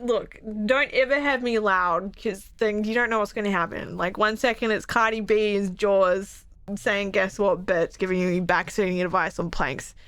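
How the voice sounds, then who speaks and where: A young woman streaming a game, chatty and excitable, swearing freely. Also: medium pitch, normal speed, few pauses, smooth, no room sound. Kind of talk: casual gameplay commentary.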